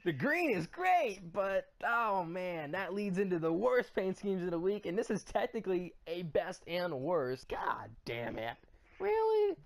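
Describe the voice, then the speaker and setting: A man's voice: high-pitched, sing-song, measured pace. A man hosting a casual sports podcast, joking and bantering animatedly. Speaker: host.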